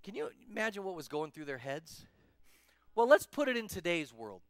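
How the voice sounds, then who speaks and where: A man teaching a children's church lesson in a playful, animated storytelling manner. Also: high-pitched, normal speed, no room sound. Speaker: children's pastor.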